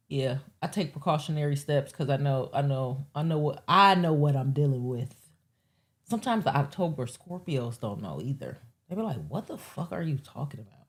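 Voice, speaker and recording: Low-voiced woman riffing casually on a live show. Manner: rambling, profane, animated asides with acted quotes. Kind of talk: casual live-stream monologue.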